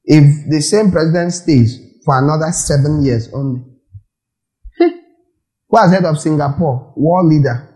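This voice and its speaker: A man preaching a sermon, animated and full of rhetorical questions to the audience. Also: on the high side, measured pace, rough recording.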